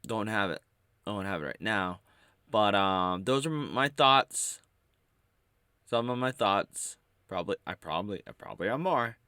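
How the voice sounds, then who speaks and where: A man talking to camera in a casual, rambling monologue, halting and full of playful wordplay. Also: on the low side, lively intonation, sharp tone, clean tone, no room sound, studio quality. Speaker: vlogger.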